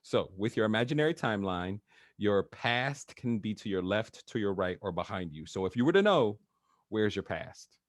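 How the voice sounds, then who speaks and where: Relaxed low-voiced male coach. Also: a little fast, no room sound, studio quality. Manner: relaxed, chatty, laughs often, uses filler words. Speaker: NLP trainer, guest. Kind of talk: casual coaching talk.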